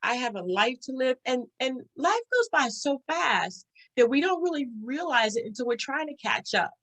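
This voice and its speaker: A woman hosting a podcast interview, talking in an animated, chatty way with quick bursts and frequent laughs. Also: high voice. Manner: animated, talks fast, laughs often. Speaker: podcast host. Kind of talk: casual interview chat.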